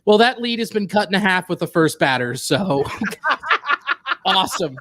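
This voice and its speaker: A man appearing as a comedian guest on a sports podcast, excitable and sarcastic. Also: high voice, measured pace, a little hiss or hum. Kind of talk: casual sports chat.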